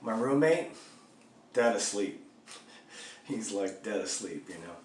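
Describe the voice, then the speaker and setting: Actor doing a young man telling his prank story, low voice, swears and laughs, roomy echo, mic at a distance. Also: expressive, slow, slight background noise. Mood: sheepish. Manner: rambling, laughing, heavy swearing and fillers. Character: young man, rambling, sheepish, foul-mouthed prankster. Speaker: actor performing a monologue. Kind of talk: comic storytelling monologue.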